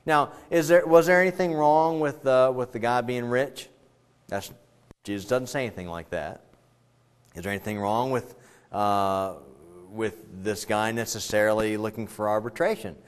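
A man preaching a sermon in a church, talking with the congregation, asking them questions and swinging between loud and quiet delivery. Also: medium pitch, moderate pace, clean tone. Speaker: pastor.

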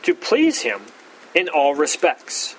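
A man's voice: big pitch swings, slow pace, a little hiss or hum, rough recording. A man teaching a verse-by-verse Bible study, stressing key words and often restarting his phrases. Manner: emphatic, stresses key words with pitch jumps and frequent restarts.

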